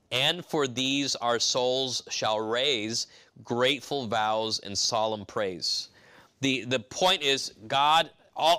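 A man's voice: mid-range voice, pushed and bright. A middle-aged man preaching a sermon to his congregation, conversational, with emphatic rises. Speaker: pastor.

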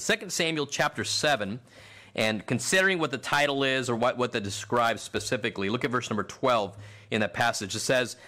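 A middle-aged man preaching a sermon, dropping low and then rising to near-shouts for emphasis. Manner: swings from quiet to shouted emphasis. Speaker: pastor.

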